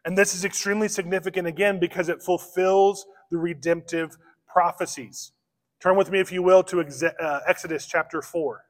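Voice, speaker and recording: A man preaching an expository sermon as pastor, slowing down to stress key phrases. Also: high voice, steady tone. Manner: expository preaching, slows for emphasis. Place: church sanctuary. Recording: long church reverb.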